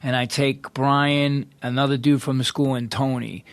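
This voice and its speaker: A man, a podcast guest, telling a profane, street-tough story quickly in a podcast studio. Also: mid-range voice, level tone, dry recording. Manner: rapid street-tough anecdote, heavy swearing.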